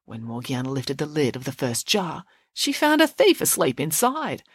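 A woman reads a bedtime story aloud with expressive, animated delivery, her voice rising and falling with the tale. The recording is dry and close, with no room sound. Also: sits low, normal speed, slightly rough, no room sound.

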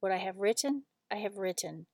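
A woman voicing a stern male Roman governor in a measured, deliberate scripture reading. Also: medium pitch, animated, darkish tone, dry recording. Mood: questioning.

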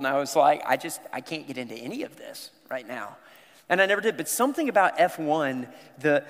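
Preaching in a large church sanctuary, this man from the American South talks directly to his congregation in a conversational sermon. His voice sits a little high with a fairly bright tone, and the hall adds a long reverb.

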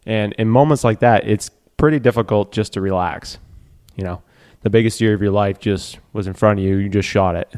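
A man telling a hunting story in a casual chat, animated and reliving the moment. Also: fairly low pitch, brisk, hardly any pauses.

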